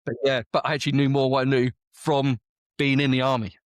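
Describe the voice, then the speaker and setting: A man's voice: mid-range voice, little pitch movement, quick pace, no room sound. A man on close mic, a guest telling a story in a casual interview, chatty and repeating words as he goes. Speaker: guest, veteran business owner.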